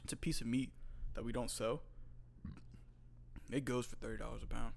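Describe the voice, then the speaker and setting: A man's voice: mid-range voice, fairly even intonation, moderate pace, gravelly, pauses often, darkish tone, a little hiss or hum. A young man from North Carolina who works as a butcher, chatting casually and profanely, acting out his customers as he tells stories. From North Carolina, USA. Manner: profane, storytelling, acts out customers. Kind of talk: casual chat.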